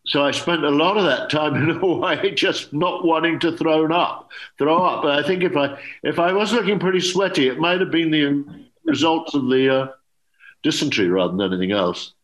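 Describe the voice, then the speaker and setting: An older man, an English actor, telling anecdotes in a relaxed interview and acting out quoted dialogue. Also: on the high side, normal speed. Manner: lively storyteller, acts out quoted dialogue. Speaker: actor guest.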